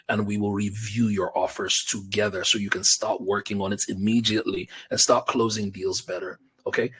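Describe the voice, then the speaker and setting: Male business coach, lower voice, very husky, fired-up and chatty webinar host. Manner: energetic, conversational, talks directly to viewers with slang like bro and fam. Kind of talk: live webinar pitch.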